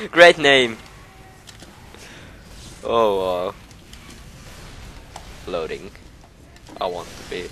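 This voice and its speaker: A man, slightly sick and a little low-voiced, talks through his gameplay in slow, drawn-out mutters. His pitch swings wildly, from low grumbles to sudden high shrieks. The tone stays bright and sharp throughout. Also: big pitch swings, slight background noise. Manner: mutters low asides, then yelps and shrieks in panic. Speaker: gamer. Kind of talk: casual gameplay commentary.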